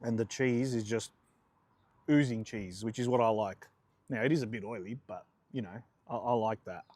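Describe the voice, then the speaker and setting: A man's voice: lowish voice, moderate pace, a little mellow, no room sound. A man in his forties with an Australian accent, chatting casually as a food vlogger and rambling through anecdotes. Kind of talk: casual food vlog storytelling.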